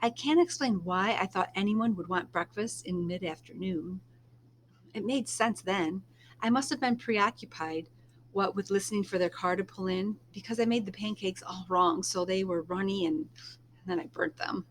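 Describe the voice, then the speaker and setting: A woman reading a first-person novel aloud in a soft, unhurried storytelling manner, now and then dropping to a hush. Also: mid-range voice, a little hiss or hum. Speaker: reader.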